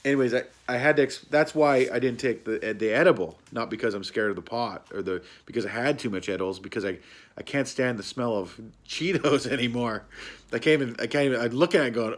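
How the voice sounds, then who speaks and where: A man's voice: mid-range voice, fast talker. A man casually telling a rambling personal anecdote, laughing often and swearing freely. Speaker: storyteller.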